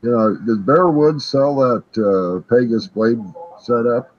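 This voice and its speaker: A man's voice: mid-range voice, unhurried. A man on a casual live-stream chat, asking brief curious questions. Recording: dull lo-fi call audio.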